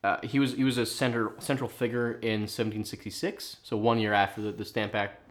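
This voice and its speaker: A man's voice: lowish voice, flat delivery, a little fast. A man co-hosting a casual history podcast, rambling and swearing as he explains. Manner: rambling, swears, restarts a lot. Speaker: podcast co-host.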